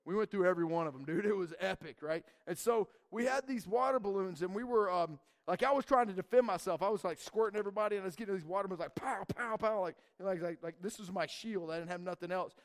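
A young man, a church youth leader, telling a rambling, animated story to a group and saying man and dude a lot. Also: high-pitched, quick pace, few pauses.

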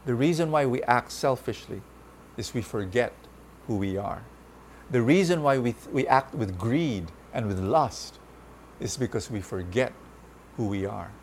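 A man's voice: mid-range voice, expressive, a little slow, slight background noise. A man preaching a sermon, telling a parable and then praying, earnest and repeating key phrases for emphasis.

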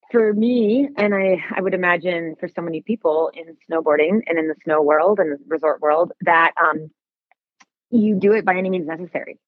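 A woman's voice: on the low side, dry recording. A woman photographer guest in a casual podcast interview, rambling, correcting herself and laughing as she talks, in a lodge bar booth. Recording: tinny, phone-like dry sound.

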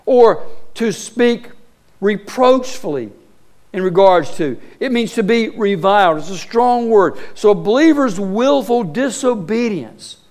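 A pastor preaching a sermon, earnest and emphatic, asking his congregation rhetorical questions and pausing for weight. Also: high-pitched, animated, a little mellow. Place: church sanctuary.

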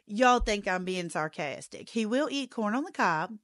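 A woman's voice: medium pitch, moderate pace, hardly any pauses, no room sound, clean studio sound. A woman hosting a podcast, chatting and telling a story with laughter. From rural American South. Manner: chatty, laughing, animated retelling of dialogue. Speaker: podcast host. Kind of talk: casual storytelling monologue.

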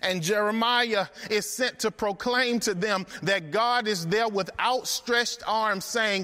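Man, preacher, emphatic rhythmic sermon, high voice, long hall reverb. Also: slow pace, few pauses, sharp tone.

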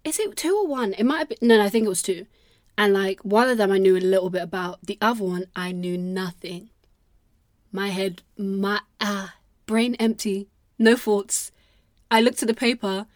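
A woman's voice: medium pitch, normal speed, dry recording, clean studio sound. A young woman hosting a solo podcast, chatting casually in a rambling, self-deprecating way with plenty of swearing. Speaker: podcast host.

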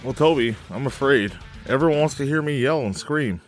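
A man's voice: medium pitch, brisk, soft background music. A man co-hosting a casual podcast, cracking crude, profane jokes. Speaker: podcast co-host.

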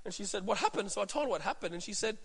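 A man's voice: high-pitched, expressive, very fast, gravelly, husky. A man with an Australian accent, a pastor preaching a sermon and telling stories, acting out voices and restarting often. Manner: storytelling, acts out voices, many restarts. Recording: echoey hall reverb.

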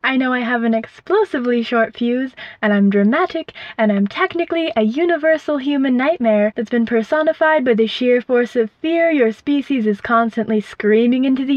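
A woman voicing a booming, theatrical female devil with a strange old-movie accent, slow, grand and coldly cruel. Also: no room sound, highs cut off, lightly acted. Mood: grandly cruel.

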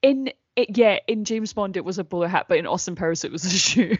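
A woman's voice: medium pitch, a little fast, slightly rough, dry recording. A woman, a regular podcast guest, chatting casually with enthusiastic giggles. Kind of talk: casual chat watching along. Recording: dry dull lo-fi sound.

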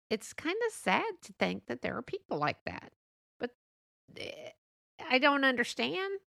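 A woman's voice: medium pitch, vocal fry, a bit bright, no room sound, clean studio sound. A woman vlogger talking casually to camera, chatty and laughing often as she acts out what friends say. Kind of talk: casual monologue.

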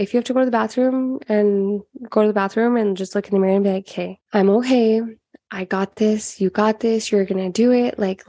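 A woman in her twenties or thirties, hosting a motivational self-help podcast in an energetic, chatty manner with plenty of "like" fillers. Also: medium pitch, dry recording, studio quality. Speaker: podcast host.

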